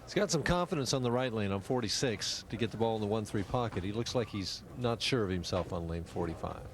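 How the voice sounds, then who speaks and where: A man with a lowish voice talks through the action in relaxed, analytical color commentary. It sounds like an old TV broadcast with steady noise underneath. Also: fast talker. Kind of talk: sports commentary.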